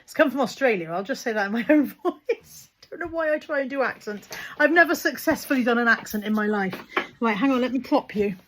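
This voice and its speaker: A woman's voice: fairly high pitch, animated, fairly quick. A woman talking casually to camera in a chatty, rambling, self-deprecating vlog. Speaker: vlogger. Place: in a car, then at home. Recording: dull recording with clear background noise.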